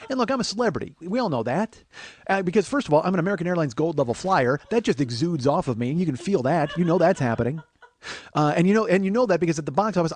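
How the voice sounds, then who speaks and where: A man's voice: fairly high pitch, darkish tone. A man hosting a comedy podcast, rambling in casual chat, making fun of himself and slipping into silly voices. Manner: rambling, self-mocking, slips into silly voices. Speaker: podcast host. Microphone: close studio mic.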